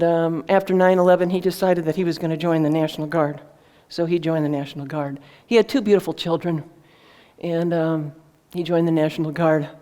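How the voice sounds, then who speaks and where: A woman's voice: lowish voice, dark tone. A woman author telling a heartfelt story to an audience in an earnest, conversational way, with fillers and restarts. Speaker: author presenting her book.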